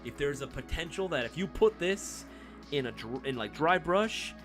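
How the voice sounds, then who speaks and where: A man hosting a casual live stream Q&A, excitable and profane, who laughs easily. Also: a little high, moderate pace, over music.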